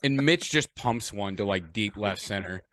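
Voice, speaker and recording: A man with a fairly low voice recorded close and dry, with no room sound at all. He co-hosts a casual podcast and tells stories in a loose, profane style, putting on the voices of the people in them. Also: moderate pace, dry recording. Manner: profane animated storytelling with acted-out quotes. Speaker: podcast co-host. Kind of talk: casual chat.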